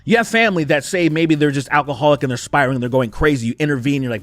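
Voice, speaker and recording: A man's voice: a little high, animated, fast, hardly any pauses, a bit bright, no room sound. Young guy ranting and cussing, voice jumps all over, dry mic with faint music behind. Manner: profane, heated, emphatic. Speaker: commentary YouTuber. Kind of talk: heated commentary rant.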